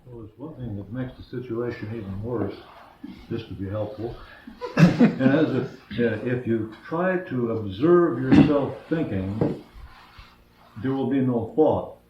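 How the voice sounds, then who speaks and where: A man's voice: mid-range voice, a little slow. A man taking part in a seminar discussion, offering his points wryly and tentatively. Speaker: seminar participant. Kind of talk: discussion remark. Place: seminar room. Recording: dull, roomy recording with faint hiss.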